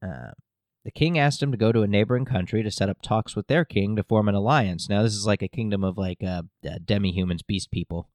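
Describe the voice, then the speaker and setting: A man with a low, deep voice chats his way through a loose, filler-heavy recap, jokey and meandering. The sound is dry and close to the mic, with no room echo. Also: a little fast, a little mellow. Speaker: podcast host. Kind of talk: casual episode recap.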